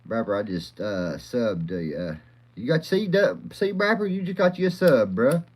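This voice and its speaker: A man with a medium-pitched, expressive, darkish voice hosts a rambling live chat at normal speed. Crude, profane, and rowdy, he laughs a lot and calls out viewers by name.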